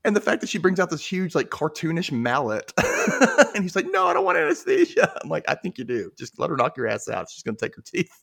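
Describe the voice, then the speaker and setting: A man's voice: fairly high pitch, fast talker, gravelly. A man hosting a podcast, recapping a sketch show in casual chat, acting out bits and laughing often. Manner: animated storytelling, acting out lines, frequent laughter. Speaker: podcast host.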